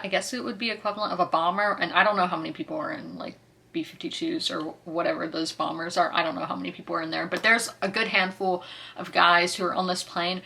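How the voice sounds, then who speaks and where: Chatty woman book vlogger, bright tone, rambling and casual. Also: on the low side. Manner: chatty, rambling, self-correcting. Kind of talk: casual chat.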